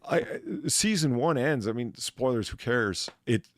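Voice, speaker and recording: A man's voice: mid-range voice, expressive, normal speed, no room sound, studio quality. A man in casual chat, ranting and swearing as he rambles through restarts. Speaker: podcast co-host.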